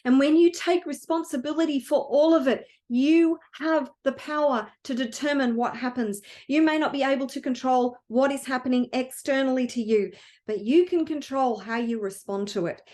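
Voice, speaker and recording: Brief: earnest woman coach, heartfelt motivational talk, high voice. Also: normal speed, darkish tone. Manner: earnest and emotional. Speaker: wealth coach.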